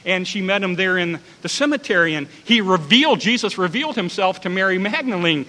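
Emphatic, high-voiced male preacher. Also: animated, fairly quick, in a large hall, poor audio. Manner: emphatic, dramatic repetition, bursts to shouting. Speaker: pastor. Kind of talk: sermon.

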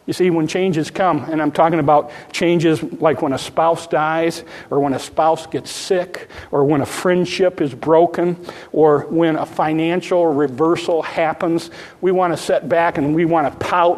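A man preaching a sermon, swinging from hushed pleading to loud exclamation. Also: fairly high pitch. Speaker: pastor. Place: church sanctuary. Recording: long reverb of a church hall.

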